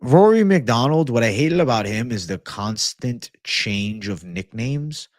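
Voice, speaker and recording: Brief: young male host, relaxed profane banter, dry close-mic sound. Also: mid-range voice, a little slow, no echo. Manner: profane, laid-back, reads chat aloud. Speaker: MMA show host. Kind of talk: casual livestream chat.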